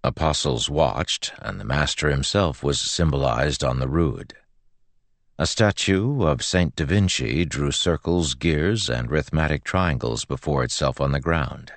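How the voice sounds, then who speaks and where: A man reading a novel aloud in an extremely deep voice full of vocal fry, his delivery measured and even. The recording is dry and close, with no room sound around it. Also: no room sound. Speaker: audiobook narrator. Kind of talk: audiobook narration.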